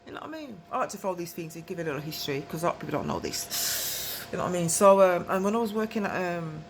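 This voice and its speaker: A woman's voice: on the low side, lively intonation, quick pace, heavy background noise. A woman tells a long, rambling story to camera, often asking whether you follow and laughing between phrases. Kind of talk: casual storytelling monologue.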